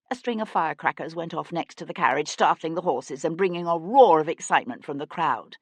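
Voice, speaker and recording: A woman reading an audiobook with steady, expressive storytelling narration. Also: low voice, a little fast, few pauses, slightly rough, dry recording.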